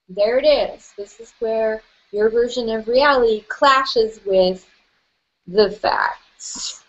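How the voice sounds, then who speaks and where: The audio is dull and a little lo-fi as a woman guides a tapping session unhurriedly. Her slightly high voice stays gentle and playful, and she laughs frequently.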